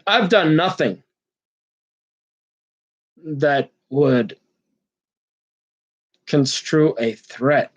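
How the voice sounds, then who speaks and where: A man's voice: high voice, fairly bright tone. A man talking in a rambling personal monologue, earnest and agitated, stumbling over his words and restarting often. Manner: earnest and agitated, jumps between topics.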